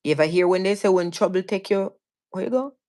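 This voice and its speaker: A woman's voice: mid-range voice, fast talker, darkish tone. A woman with a Jamaican accent, a guest telling her own story in casual talk, earnest and vivid, often restarting and repeating words. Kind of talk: casual storytelling on a live stream.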